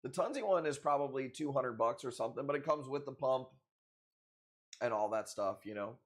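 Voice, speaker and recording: A man's voice: medium pitch, fairly quick. A man hosting a live coral sale stream, chatting casually with viewers in a loose, profane, joking way. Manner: loose, profane, joking banter with frequent laughs.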